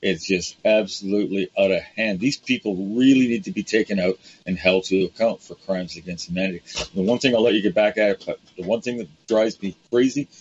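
A man's voice: lowish voice, fairly quick, hardly any pauses, slight background noise. A man hosting a talk show, indignant, addressing his guest by name. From Canada. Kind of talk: opinionated talk show chat. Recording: dull lo-fi sound.

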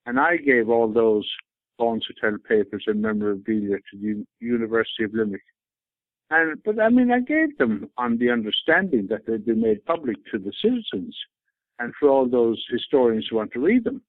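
A man's voice: mid-range voice, very animated, a little fast, no room sound, phone-quality sound. An Irish man giving a rambling, insistent account in an interview, often repeating himself.

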